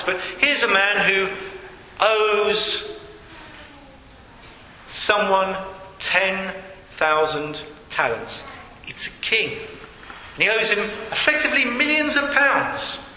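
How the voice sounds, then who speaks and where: A man preaches to his church in a high, very bright voice, earnest and steady as he reads scripture aloud. His words ring out through a large church hall with a long, echoing reverb and a faint ambient hum behind him. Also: a little slow, long pauses. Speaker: pastor. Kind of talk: sermon.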